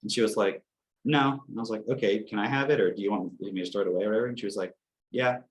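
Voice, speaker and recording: A young man on a casual podcast, telling animated stories, acting out quotes and swearing casually. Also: lowish voice, fast talker. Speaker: podcast co-host.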